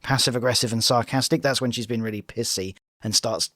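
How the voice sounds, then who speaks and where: A man's voice: medium pitch, fairly even intonation, fairly quick, sharp tone, dry recording, clean studio sound. A man co-hosting a casual reality TV reaction chat, breaking the show down analytically. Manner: analytical, mimics voices in quotes.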